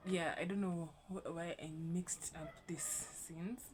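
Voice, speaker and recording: Young woman, casual rambling vlogger, slightly low voice. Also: steady tone, slow pace, a little mellow, a little hiss or hum. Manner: casual, rambling, swears lightly. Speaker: YouTube host. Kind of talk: casual vlog commentary.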